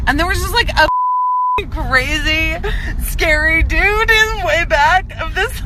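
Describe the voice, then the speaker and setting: Woman vlogger, high voice, bright tone, excitable, laughing, faint background noise. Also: measured pace. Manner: excitable, breathless storytelling with shrieks and laughter. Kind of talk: rambling Instagram story.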